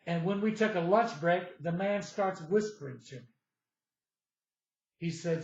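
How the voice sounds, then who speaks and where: A middle-aged man with a high voice tells a personal story, wandering and circling back with filler words. The recording is dull and lo-fi, with a roomy echo around him. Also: moderate pace, vocal fry, darkish tone. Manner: meandering, repeats himself with fillers and restarts. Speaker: storyteller recounting personal experiences. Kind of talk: rambling personal monologue.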